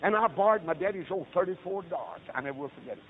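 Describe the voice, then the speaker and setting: A middle-aged Baptist preacher, telling stories in a sermon and swinging from low talk to loud shouted peaks. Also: male voice, lively intonation, fast. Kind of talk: storytelling sermon. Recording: tinny lo-fi recording with faint hiss.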